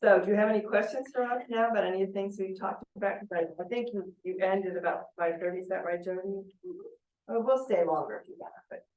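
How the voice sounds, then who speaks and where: A sixty-something judge leads a seminar, talking frankly and chattily through a personal anecdote. Her voice is medium-pitched with a darkish tone, and she talks fast. The sound comes from a distance in a roomy hall.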